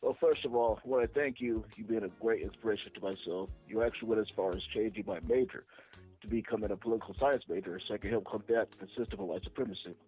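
A man calling in to a radio show, speaking earnestly and in a measured way. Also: fairly low pitch, dark tone, husky, faint music behind, rough recording. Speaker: caller. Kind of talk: phone call to a radio show.

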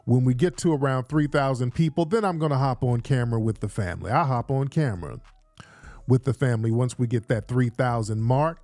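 A man's voice: medium pitch, fairly quick, a little mellow, no room sound. A man hosting a casual livestream, hyping up his audience with repeated call-outs and loose, chatty talk. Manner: hyped, repetitive, addressing the audience. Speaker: livestream host. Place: indoors, rainy day.

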